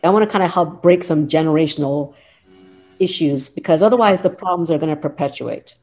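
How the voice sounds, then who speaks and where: A woman's voice: low voice, brisk, darkish tone, soft background music. A woman in her fifties, a lawyer and professor, talking in an earnest, heartfelt way with frequent restarts in a casual interview. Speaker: guest, lawyer and law professor.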